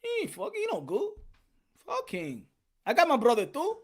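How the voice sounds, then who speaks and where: A man's voice: extremely high pitch, wildly swooping pitch, moderate pace, creaky, voice pushed up, full character voice. Man doing a brash Dominican boxer persona. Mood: trash-talking. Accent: Dominican Spanish. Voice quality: loud, profane, boastful trash talk in broken English. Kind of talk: mock fight promo.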